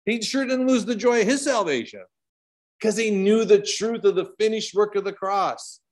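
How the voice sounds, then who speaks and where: Canadian male Bible study leader, fairly high voice, chatty teaching with rhetorical questions. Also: normal speed. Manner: conversational, rhetorical questions, side tangents.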